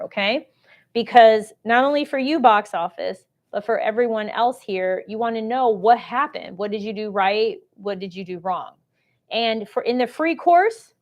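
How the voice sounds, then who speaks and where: A chatty woman with a fairly high voice hosts a live sales stream, answering viewers' comments as she goes. Her pitch sits a little above the usual, and the audio is dull and lo-fi. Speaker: host of a live shopping stream on government contracting.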